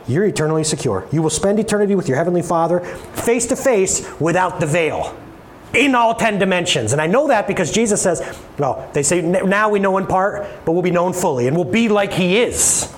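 A man preaching a sermon to a congregation, playful and animated, acting out voices as he tells stories. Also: on the high side, quick pace, a little hiss or hum. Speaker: pastor.

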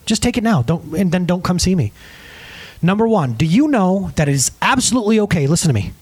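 Talking fast in a high, breathy voice, this preacher doubles as a counselor. He addresses the congregation as "guys" with lots of animation and plays out the dialogues he recounts.

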